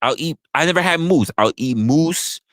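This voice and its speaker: A man's voice: fairly high pitch, lively intonation, normal speed, fairly bright tone, no echo. A man hosting a talk show, ranting in a profane, emphatic way and repeating his points. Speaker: podcast host. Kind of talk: opinionated casual rant.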